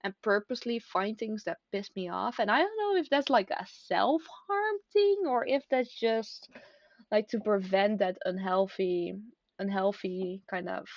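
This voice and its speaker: A young woman vlogging at home in a casual, confessional way, rambling and halting with a self-deprecating tone. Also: mid-range voice, dry recording. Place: at home, seated at a desk. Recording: dry, slightly dull lo-fi.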